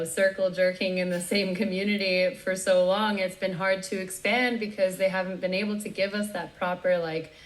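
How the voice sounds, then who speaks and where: A woman DJ as a guest in a casual interview, talking in a relaxed, rambling way. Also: on the low side, poor audio. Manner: relaxed, rambling, lots of you knows and likes.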